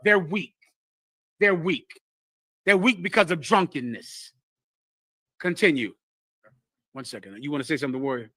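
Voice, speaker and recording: A man's voice: a little high, normal speed, long pauses, sharp tone, dry recording. A man teaching scripture to a group, lecturing emphatically and acting out the voices he quotes. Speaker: religious teacher.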